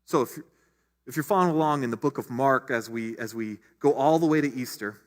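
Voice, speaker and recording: Man preaching in a reverberant church. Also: a little high. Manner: conversational, with asides and restarts. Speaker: pastor. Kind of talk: sermon. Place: church sanctuary. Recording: long hall reverb.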